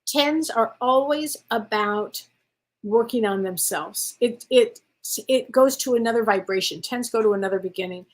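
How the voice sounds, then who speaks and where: On a live-streamed psychic show, a female host with a fairly high voice speaks at normal speed, rambling along, starting over and correcting herself often while calling her viewers sweetheart and honey.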